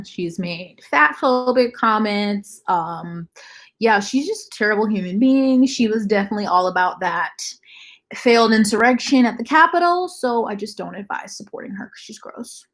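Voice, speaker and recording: A young woman hosts a casual livestream, reading out viewer comments and answering them bluntly. She swears freely and talks in an offhand, conversational way. Her voice sits at an ordinary middle pitch. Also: animated, normal speed, fairly bright tone. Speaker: livestream host.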